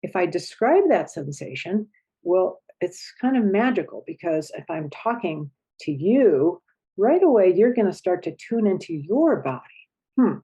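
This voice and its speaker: A woman relationship coach explaining a skill to an audience in a gentle, reflective way, acting out feelings with groans. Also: fairly low pitch, very animated, a little slow, breathy edge, dull audio. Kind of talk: teaching talk to an audience.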